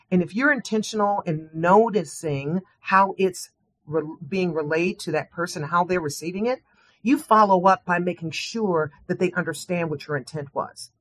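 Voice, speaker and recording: A woman who trains professionals, giving earnest, measured advice as a guest in an interview. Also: fairly low pitch, animated, fairly bright tone, no echo.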